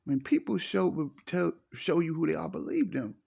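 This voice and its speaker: A man's voice: on the high side, expressive, normal speed, vocal fry, warm tone, slightly rough. A middle-aged man, giving preachy, emphatic relationship advice in a casual monologue and repeating his phrases. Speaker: relationship commentator.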